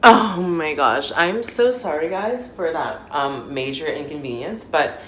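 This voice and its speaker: A woman in her thirties chatting casually through an unboxing, gushing and excitable, with lots of fillers, recorded on a phone. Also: low voice, a little slow, a little hiss or hum, poor audio. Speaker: doll unboxing vlogger. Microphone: phone camera.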